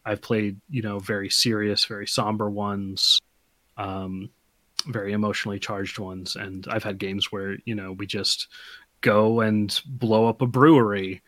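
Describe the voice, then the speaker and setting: A man's voice: on the low side, little pitch movement, a little slow, fairly bright tone, dry recording. A man who designs games, chatting as a podcast guest, rambling a little and laughing often. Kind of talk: casual chat.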